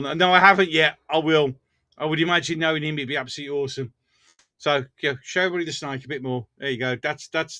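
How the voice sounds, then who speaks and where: Chatty Black Country man hosting a live stream, bright voice pitched a little high, jokey and laughing a lot. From English Black Country. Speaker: livestream host. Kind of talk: casual live chat reading comments.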